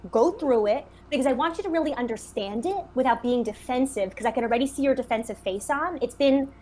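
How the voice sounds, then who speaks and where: A woman's voice: high voice, fairly quick, dark tone, a little hiss or hum, lightly acted. A woman playing a blunt, confrontational middle-aged businesswoman in a comic improvised reality-show reenactment, accusing and talking over others. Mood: earnest.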